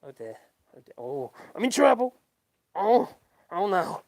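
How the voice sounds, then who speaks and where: A British YouTube channel host chats casually on a live stream from his home in rural France, reading viewer comments as they arrive. He rambles self-deprecatingly, laughs at himself often and keeps restarting sentences. His voice is high-pitched, very animated, a little slow and a little mellow.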